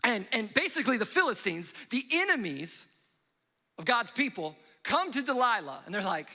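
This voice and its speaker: In a large church hall, a young male pastor tells a story during his sermon, slipping into quick character voices and asides. He speaks high with big pitch swings, in a pushed, bright tone.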